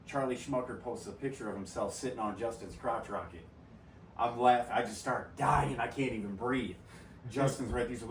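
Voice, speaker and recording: A man hosting a casual podcast, cursing freely and laughing through his stories. His voice sits at an ordinary middle pitch. He is a little distant from the mic in an echoey room, with a faint hum of ambience behind him. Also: moderate pace, fairly bright tone. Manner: profane, laughing storyteller. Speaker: podcast host. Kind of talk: casual storytelling chat.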